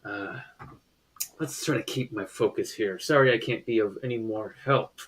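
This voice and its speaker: A man's voice: fairly low pitch, normal speed, natural voice. A man voicing a male mage who is straining to hold a magic shield, sounding distracted and apologetic. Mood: strained.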